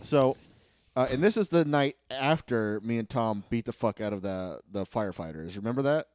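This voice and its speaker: A man's voice: medium pitch, lively intonation, moderate pace, a little mellow, clear, resonant tone, dry recording. A man hosting a casual chat, laid-back, chiming in and teasing his guest.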